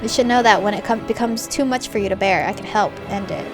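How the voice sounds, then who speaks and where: A woman reading a grave quiet man. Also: medium pitch, quick pace, over music, close to an everyday voice. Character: grave, quiet man delivering hard news.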